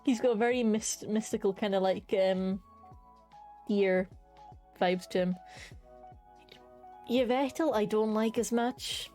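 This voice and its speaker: A woman's voice: mid-range voice, slow pace, pauses often, warm tone, faint music behind. A young woman streaming from home, chatting casually and enthusiastically as she ranks creatures, with casual swearing. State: hiccups. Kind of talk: casual live-stream commentary.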